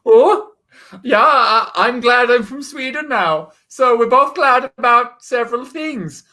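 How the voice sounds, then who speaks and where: A doting 1960s housewife gushes over her husband in a bright, sharp tone, as an improviser plays her. She speaks slowly and sweetly. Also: medium pitch, expressive. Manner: gushing, sweetly agreeable. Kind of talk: improvised comedy.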